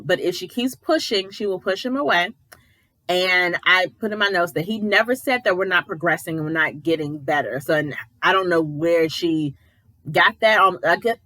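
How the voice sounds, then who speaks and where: A woman's voice: lowish voice, sharp tone, dry recording, low-quality recording. A woman giving a casual, opinionated recap of a reality show, retelling scenes and quoting people as she goes. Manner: chatty, opinionated, retells scenes with quoted voices. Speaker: editor.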